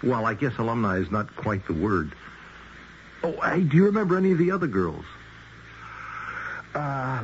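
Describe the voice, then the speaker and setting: A nervous, ingratiating man making a phone call, fumbling through hesitations. He sounds over-eager. The old radio recording is dull, with faint hiss. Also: medium pitch. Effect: one side of a phone call. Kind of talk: 1970s radio drama acting.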